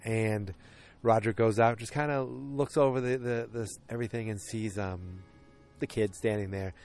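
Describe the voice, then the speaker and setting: A man's voice: on the low side, steady tone, moderate pace, darkish tone, soft background music. A man casually recapping a TV episode, rambling and often interrupting himself. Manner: rambling, self-interrupting storyteller.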